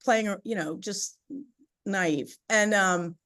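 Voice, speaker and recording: A woman as a podcast guest, telling a personal story in animated, chatty conversation with frequent fillers. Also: medium pitch, takes it slowly. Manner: animated, chatty, laughs often, many "you know" and "right?" fillers.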